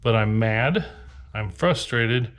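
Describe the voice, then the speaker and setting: A man's voice: lowish voice, animated, takes it slowly, a bit bright. A man from Nebraska who resells for a living, venting to the camera in a tired, frustrated, rambling rant inside a storage unit. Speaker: reseller vlogger.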